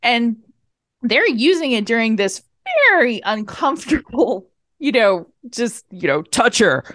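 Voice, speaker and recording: A woman's voice: fairly high pitch, measured pace. A woman co-hosting a podcast, recapping a film in casual chat, acting out the characters' lines and swearing freely. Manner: animated retelling with acted-out quotes and swearing. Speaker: podcast co-host.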